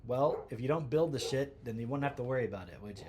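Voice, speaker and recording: A man's voice: mid-range voice, expressive, fast, few pauses, darkish tone, a little hiss or hum. A man hosting a livestream from home, reading posts aloud and breaking in with sarcastic, incredulous asides. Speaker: livestream host.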